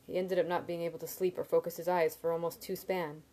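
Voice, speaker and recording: A woman's voice: on the low side, flat delivery, fast, dark tone, natural voice. A woman reading a novel aloud, voicing an anxious, earnest young man student who gets agitated and defensive. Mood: alarmed.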